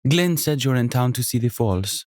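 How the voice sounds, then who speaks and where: A bubbly woman in her sixties with a faint Jamaican lilt, as a male narrator puts her on in an audiobook. She talks fast and warmly about her town, her voice lifted well above a man's usual range. The reading is dry and close. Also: mid-range voice, no room sound, voice pushed up, natural voice. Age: 60s. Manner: lively and chatty, rapid-fire. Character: energetic woman in her sixties running an inn.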